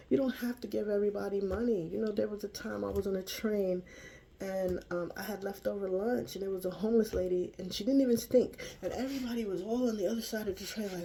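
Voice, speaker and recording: A woman's voice: lowish voice, normal speed, gravelly, a little mellow, a little hiss or hum. An older woman vlogger talking casually to camera in a chatty, folksy, preachy way.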